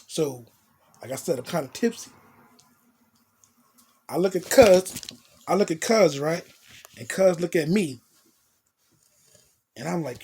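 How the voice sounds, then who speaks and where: A man's voice: on the high side, animated, moderate pace, long pauses, darkish tone, husky. A young man telling a loose, profane story in casual street slang, as a vlogger.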